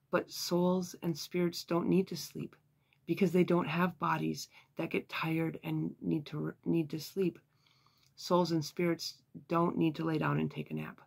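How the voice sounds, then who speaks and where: Gravelly, husky Bible teacher. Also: medium pitch, a little mellow. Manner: earnest, measured teaching with sighs and fillers.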